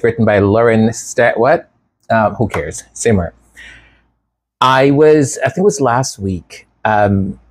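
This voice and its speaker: Slow, husky man ranting sarcastically. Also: medium pitch. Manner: animated, sarcastic, repeats words. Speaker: royal commentary host. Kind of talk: casual commentary.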